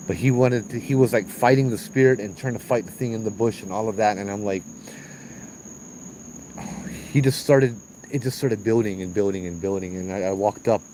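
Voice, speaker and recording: Man, Hawaiian accent, middle-aged, low pitch, mellow tone, casual animated storytelling, outdoors, insects chirping behind. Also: a little hiss or hum, rough recording. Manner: animated, acts out voices and sounds, says bro and bruh. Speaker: ghost tour guide telling stories on location. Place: outdoors at a trail at night. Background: crickets and insects.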